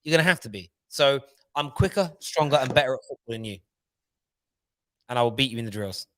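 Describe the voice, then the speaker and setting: Boastful man, crisp and dry. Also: mid-range voice, lively intonation, fairly quick, a bit bright, no room sound. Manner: boastful, teasing, laughs often. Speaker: co-host of a football fan show. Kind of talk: casual banter on a live stream.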